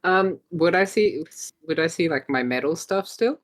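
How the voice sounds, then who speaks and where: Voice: mid-range voice, animated, normal speed. A player at a tabletop game, casually narrating a character with playful giggles.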